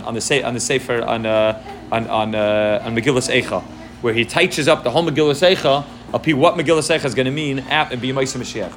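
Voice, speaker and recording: A man's voice: medium pitch, a bit bright, a little hiss or hum. A man giving a Torah class, explaining texts line by line and mixing Hebrew and Yiddish terms into English, often checking in with "right?". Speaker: Torah teacher.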